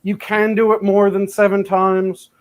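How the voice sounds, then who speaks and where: Over a video call, a man hosts a casual cooking chat, explaining techniques in a relaxed, profane manner. His voice is high-pitched and unhurried.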